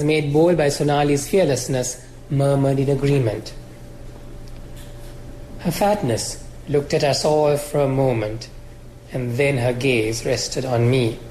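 A man's voice: a little high, slight background noise. Man reading aloud in a roomy room. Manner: measured, expressive. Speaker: author. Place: college lecture room.

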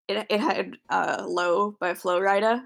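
A woman's voice: medium pitch, steady tone, unhurried, gravelly. A young adult woman co-hosting a podcast, telling rambling stories full of fillers in casual chat. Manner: rambling, filler-heavy storytelling. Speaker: podcast co-host.

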